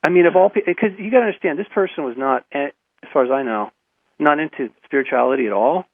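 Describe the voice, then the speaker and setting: A man guest telling a personal story in a radio interview, halting and repeating his words, with frequent chuckles, over a phone line. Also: a little high, dry recording.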